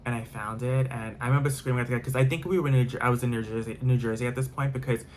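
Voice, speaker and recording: A man recounting a storytime vlog in a loose, rambling way, piling up fillers and repeating himself, with casual swearing along the way. His pitch sits in an ordinary middle range, and a faint noise runs underneath. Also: fairly even intonation, very fast. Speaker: vlogger.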